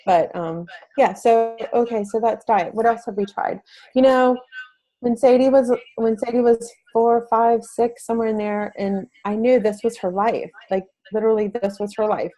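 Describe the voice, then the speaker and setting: A woman's voice: fairly high pitch, fairly even intonation, normal speed, warm tone, poor audio. A middle-aged woman, a parent advocate, talking earnestly as an interview guest, with frequent restarts. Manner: earnest, talkative with many restarts. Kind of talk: interview talk.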